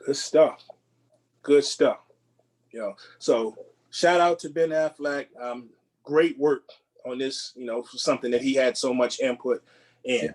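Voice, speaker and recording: A man co-hosting a movie podcast in casual chat, relaxed and rambling, often repeating words and restarting. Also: medium pitch, measured pace, long pauses. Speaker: podcast co-host.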